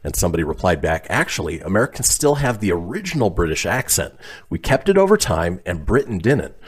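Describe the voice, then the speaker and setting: A man with a low voice hosts a casual comedy radio show. He reads listener posts aloud with a lively, swooping delivery and chuckles along the way. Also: brisk, husky. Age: adult, calls himself officially old.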